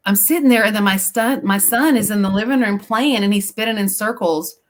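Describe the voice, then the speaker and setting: Rambling, animated woman telling stories. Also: mid-range voice, a little fast. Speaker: paranormal investigator guest. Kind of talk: casual chat, personal storytelling.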